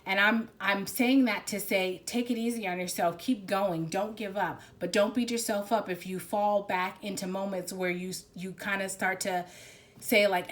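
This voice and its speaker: A woman's voice: mid-range voice, fairly even intonation, moderate pace. A woman giving a spiritual card reading in a casual, rambling, emphatic way, often restarting her sentences. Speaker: tarot reader.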